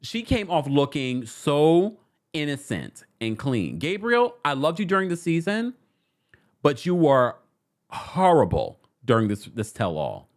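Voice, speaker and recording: Sassy, animated man recapping gossip. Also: fairly high pitch, measured pace. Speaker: host. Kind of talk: casual reality TV recap talk.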